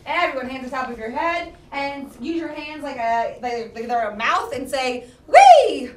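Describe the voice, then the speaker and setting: A young woman leading a theater class through vocal warm-ups in an upbeat, playful way, often calling out loudly. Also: high voice, moderate pace, noisy background. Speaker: theater workshop leader. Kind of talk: energetic vocal warm-up coaching. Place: school classroom. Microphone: far camera. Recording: echoey classroom from far off. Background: crowd of students.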